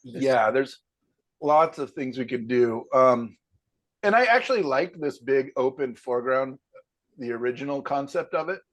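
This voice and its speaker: A man teaching a painting class in a casual critique, easygoing and joking, thinking aloud with plenty of pauses and fillers. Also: mid-range voice, lively intonation, a bit bright. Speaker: painting instructor.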